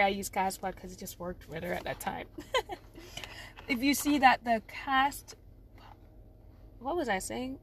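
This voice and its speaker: A woman, hosting her own podcast in a rambling, casual solo chat with sudden loud outbursts. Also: on the high side, a little hiss or hum. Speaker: podcast host.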